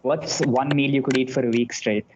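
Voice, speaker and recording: A man hosting a casual podcast, relaxed, asking quick questions and laughing often. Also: medium pitch, muffled recording, noisy background. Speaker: podcast host.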